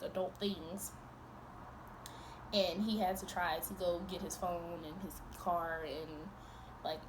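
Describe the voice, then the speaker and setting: A young woman in a storytime vlog, retelling events in an animated, profane, exasperated way, breaking into laughs. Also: fairly low pitch, background noise. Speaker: vlogger.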